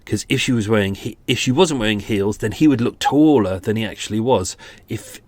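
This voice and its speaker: A man's voice: fairly low pitch, fairly quick, darkish tone, no room sound. Chatty British man in his forties. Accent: British English. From England. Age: 40s. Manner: chatty, self-deprecating, with restarts and asides. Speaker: podcast host. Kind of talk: casual true-crime podcast narration.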